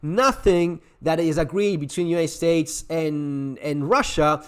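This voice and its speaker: A man's voice: a little high, a little slow, smooth. A man hosting a survival channel, giving blunt, sarcastic commentary to camera, swearing freely and restarting his sentences as he rants. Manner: ranting, with frequent restarts.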